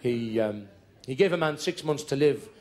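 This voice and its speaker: Comedian telling stories on stage. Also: male voice, mid-range voice, expressive, moderate pace, a little mellow. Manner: chatty, breezy, sings short ditties. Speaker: stand-up comedian. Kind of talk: live comic storytelling. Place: stage at a hotel show. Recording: live stage, audience laughter, music.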